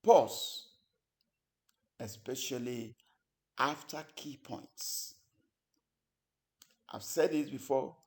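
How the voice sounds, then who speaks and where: Male instructor, unhurried lecture delivery, measured pauses, mid-pitched voice. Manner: deliberate, pausing between phrases. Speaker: public speaking instructor.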